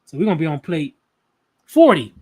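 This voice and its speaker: A man in his thirties doing live energy readings on a stream, talking in a rambling, profane, casual way and counting his math out loud. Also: fairly high pitch, sing-song, a little fast, husky.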